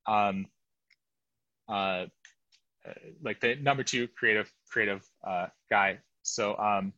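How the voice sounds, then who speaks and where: A man's voice: lowish voice, slow, pushed and bright, dry recording, muffled recording. A middle-aged man as an interview guest, telling a long rambling story and interrupting himself. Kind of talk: casual interview chat.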